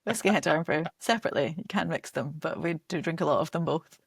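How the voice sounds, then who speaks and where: A woman's voice: low-pitched, fast talker, creaky, breathy edge, no room sound, clean studio sound. A young Scottish woman chatting casually on a podcast as a guest, laughing often and filling her talk with "like". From Scotland. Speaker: comedy director and promoter, guest.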